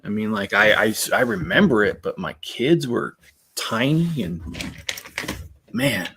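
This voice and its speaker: A man's voice: lowish voice, big pitch swings, measured pace, bright, forceful tone, a little hiss or hum. A middle-aged man hosting a casual building stream, rambling as he talks to viewers in the chat. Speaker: Lego building channel host.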